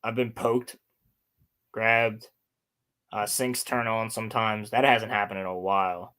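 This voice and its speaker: Loud swearing young man telling stories. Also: on the low side, measured pace, smooth. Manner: animated storytelling, heavy swearing. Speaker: podcast host. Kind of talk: casual chat.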